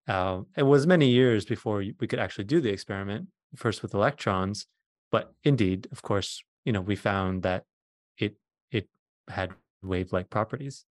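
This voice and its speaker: A man's voice: fairly low pitch, normal speed, dry recording, clean studio sound. A middle-aged man, a physicist guest, patiently explaining science in plain words during a conversation.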